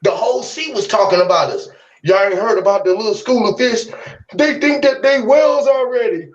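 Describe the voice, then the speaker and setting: A man's voice: high-pitched, a little fast, dull audio. A man hosting a casual chat, rambling and swearing freely as he spins long metaphors about fish. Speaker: host of an online talk room.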